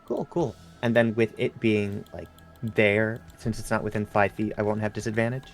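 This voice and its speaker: A man's voice: lowish voice, moderate pace, faint music behind. A man playing a tabletop game in casual chat, polite and easygoing. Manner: polite, keeps saying lovely. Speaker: player.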